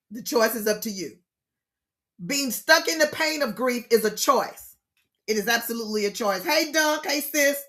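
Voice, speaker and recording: Bright, exclaiming woman counselor. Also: a little high. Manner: expressive, preacher-like, exclaims and repeats key phrases. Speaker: grief counselor leading an online session. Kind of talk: lively teaching talk to an online group.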